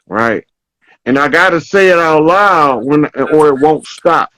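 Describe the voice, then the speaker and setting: Slow-talking man telling a story. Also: on the high side, fairly bright tone, no echo, poor audio. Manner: slow, storytelling, checks in with "right?" often. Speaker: podcast host. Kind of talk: casual spiritual talk.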